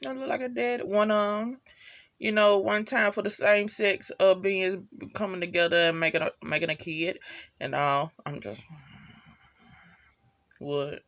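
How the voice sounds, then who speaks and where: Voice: mid-range voice, flat delivery, unhurried, pauses often, fairly bright tone. A vlogger reviewing a TV episode in casual, slangy chat that wanders and swears freely, with many "you know" asides and laughs at favorite moments. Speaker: TV show reviewer.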